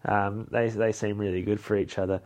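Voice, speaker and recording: A man's voice: on the low side, little pitch movement, brisk, a little mellow. A man hosting a podcast, recapping a film in a rambling, casual way with swearing and self-corrections. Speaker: podcast host.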